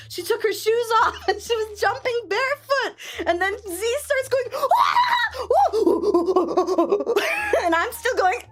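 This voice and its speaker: Excitable high-voiced woman streamer. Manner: excitable, gushing storyteller with lots of laughter. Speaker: VTuber streamer. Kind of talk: casual chat stream.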